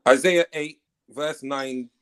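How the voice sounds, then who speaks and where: A man's voice: medium pitch, fairly even intonation, normal speed, fairly bright tone, smooth, rough recording. A man in a casual online panel debate, reading scripture aloud at length and arguing his reading.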